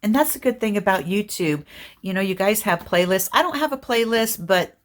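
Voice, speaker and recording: A woman's voice: mid-range voice, animated. A middle-aged woman, hosting a craft channel in casual, rambling chat with her viewers. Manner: rambling, chatty, talks fast and apologizes for it.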